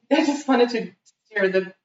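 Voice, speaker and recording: A woman's voice: mid-range voice, unhurried, distant mic, a little hiss or hum. Woman, casual storyteller, off-mic in a roomy space, muffled sound. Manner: lively storyteller acting out quotes. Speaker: guest telling a story. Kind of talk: casual chat.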